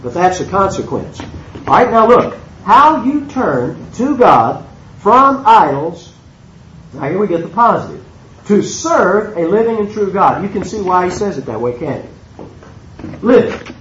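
A man preaches with an emphatic, questioning manner, his voice high and swinging widely in pitch. The sound is roomy and lo-fi, with a dull top end. A faint hiss sits under the talk. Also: big pitch swings, moderate pace. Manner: emphatic, asks the listeners rhetorical questions. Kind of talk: expository sermon teaching.

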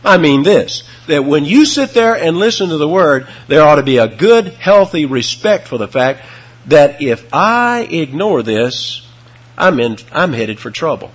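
A man preaching an expository sermon, emphatic, with dramatic swings in pitch and loudness, on a dull lo-fi recording. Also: big pitch swings, a little slow.

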